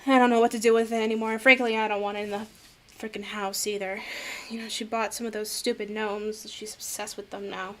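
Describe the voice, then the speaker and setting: A woman voicing a gruff, crude, middle-aged male small-town cop who swears and grumbles. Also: medium pitch, flat delivery, a little fast, a bit bright, natural voice. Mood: grumbling.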